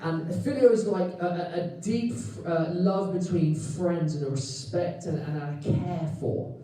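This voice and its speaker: A man with a Welsh accent preaching a sermon, telling the story lively with jokes and acted-out quotes, recorded in a church hall. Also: high voice, measured pace, slight background noise. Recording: echoey hall, mic at a distance.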